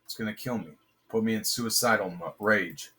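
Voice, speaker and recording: A man's voice: lowish voice, moderate pace, over loud music. A man casually commenting on his own gameplay for viewers, trash-talking the enemies in a loose, joking way. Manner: addresses viewers directly.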